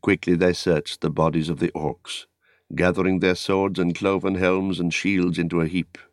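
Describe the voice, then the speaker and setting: Male audiobook narrator, deep, deliberate, dry close sound. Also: flat delivery, dry recording. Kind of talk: scripted narration.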